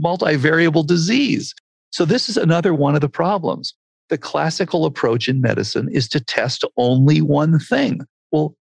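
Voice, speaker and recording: Older man, medical researcher in an interview, gravelly voice, storytelling. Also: fairly high pitch, dry recording. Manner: animated storyteller acting out quotes.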